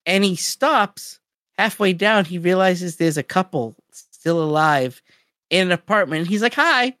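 A podcast co-host in casual chat, recapping a story in an animated way with lots of "like". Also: medium pitch, measured pace, dry recording, clean studio sound.

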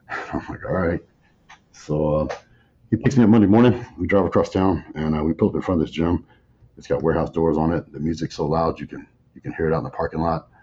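A man in his forties, a bodybuilder guest in an interview, telling stories in a relaxed drawl and acting out old conversations. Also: rumbling low, a little fast, husky. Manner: laid-back drawl, acts out dialogue. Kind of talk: casual storytelling. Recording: slightly muffled audio, faint background noise.

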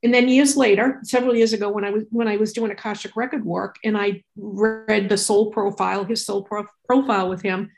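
Woman co-host telling a lively story. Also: mid-range voice, a little fast, hardly any pauses. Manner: lively storytelling, quoting others. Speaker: podcast co-host. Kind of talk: casual chat.

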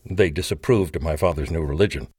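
Man, very deep voice, audiobook narrator, measured, dry close mic. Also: a little mellow, husky, dry recording. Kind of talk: scripted narration.

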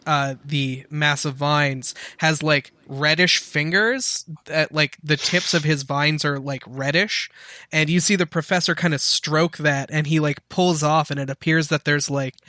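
Bright-voiced male game master. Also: a little high, steady tone, unhurried, dry recording. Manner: loose, lots of "like" and "um" fillers. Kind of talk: narrating a tabletop game.

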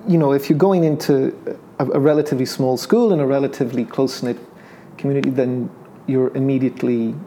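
A man's voice: medium pitch, steady tone, quick pace, mellow, a little hiss or hum. A middle-aged Irish man, his accent carrying an English lilt, talking casually about his life in an interview, hesitant and full of restarts. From Ireland. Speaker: painter being interviewed.

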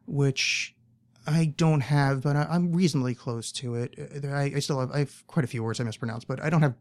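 A man's voice: medium pitch, brisk. An American man hosting a podcast, talking in a rambling, casual monologue full of fillers, restarts and swearing. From United States. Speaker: podcast host.

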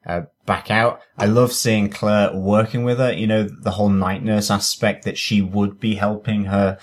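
A man's voice: on the low side, fairly even intonation, moderate pace. A man co-hosting a podcast, rambling through his thoughts with fillers and stammering restarts. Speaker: podcast co-host. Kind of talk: casual review chat.

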